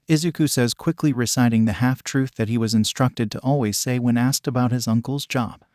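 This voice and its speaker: A man's voice: mid-range voice, fairly quick, few pauses, darkish tone, dry recording. Man reading fan fiction, dry and close. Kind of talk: audiobook narration.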